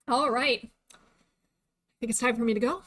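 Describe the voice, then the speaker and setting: A young woman streams as a VTuber, her voice on the high side and a bit bright. The livestream chat is casual and talkative, sprinkled with fillers and frequent laughing, and she's starting to sound worn out.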